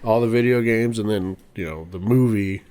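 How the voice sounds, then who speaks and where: A man's voice: on the low side, normal speed, darkish tone, clear, resonant tone. A man co-hosting a podcast in casual chat, easygoing and teasing, often giving short replies. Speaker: podcast co-host.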